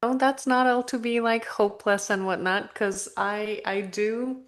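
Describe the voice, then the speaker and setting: A woman's voice: mid-range voice, steady tone, measured pace. A woman talking candidly and reflectively on a podcast, sighing and adding asides as she thinks things through. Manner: frank and self-reflective, with sighs and asides. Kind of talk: candid conversational podcast talk. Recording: roomy echo.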